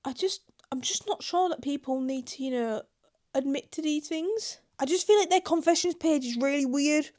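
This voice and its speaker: A woman's voice: high voice, normal speed, a little mellow. A young British woman reacting to online confessions in casual, blunt commentary, swearing freely. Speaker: YouTuber.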